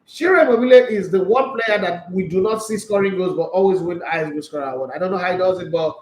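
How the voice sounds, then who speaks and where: A Nigerian man hosting a football talk show, excitable and joking, with preachy asides and bits of Pidgin. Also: high voice, fast, echoey room, poor audio. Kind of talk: animated solo football commentary.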